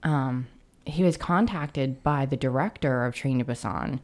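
A woman's voice: a bass voice, a little slow, darkish tone. A woman co-hosting a casual film podcast, hesitant, with many fillers and restarts, often reading quotes aloud. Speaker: podcast co-host.

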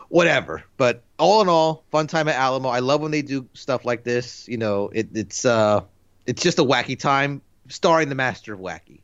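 A man's voice: medium pitch, a bit bright, no room sound, highs cut off. A man in his thirties co-hosting a podcast, chatting casually in a rambling, laid-back way full of fillers. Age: 30s. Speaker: podcast co-host. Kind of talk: casual chat.

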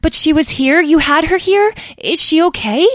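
In clean studio audio with no echo, a woman voices a young dragon boy who is anxious, nervous, and urgent with his questions. Her high voice, pitched above her own yet close to an everyday voice, moves at a moderate pace.

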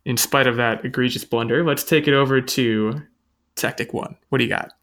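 A man's voice: mid-range voice, fairly even intonation, moderate pace, a bit bright. A man hosting a casual podcast chat, chatty and self-mocking, thinking aloud with frequent restarts. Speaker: podcast host.

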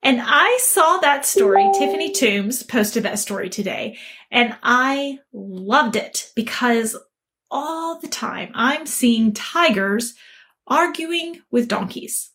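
A woman's voice: on the high side, expressive, slow pace, fairly bright tone. A woman relationship coach giving an upbeat, motivational talk and telling a story along the way.

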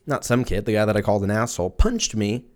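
Male, 30s, podcast host; rambling, cursing, animated delivery. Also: fairly low pitch, fast. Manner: profane, rambling, jokey, puts on silly voices for quotes. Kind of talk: casual solo podcast rant.

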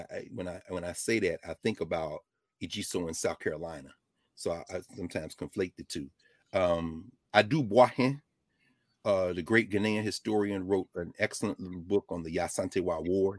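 A man giving an impassioned talk on history, reading passages aloud and swinging between loud drawn-out emphasis and low quiet asides. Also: no echo, clean studio sound. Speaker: lecturer on African history.

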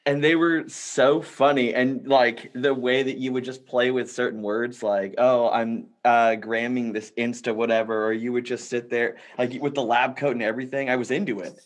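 A man's voice: medium pitch, fairly even intonation, normal speed, few pauses. A man hosting a casual toy podcast, asking questions in an eager, enthusiastic way. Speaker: podcast host. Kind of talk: casual interview.

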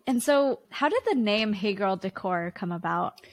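A woman's voice: medium pitch, expressive, moderate pace. A woman hosting a casual interview, asking follow-up questions and chiming in with short reactions. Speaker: podcast host, interviewer.

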